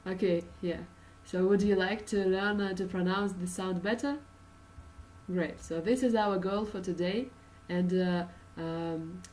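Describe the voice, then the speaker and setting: A woman's voice: fairly low pitch, a little mellow, far from the mic, a little hiss or hum, low-quality recording. A woman from Russia with a Russian accent, teaching an English pronunciation lesson with many uh and um fillers and patient explanations.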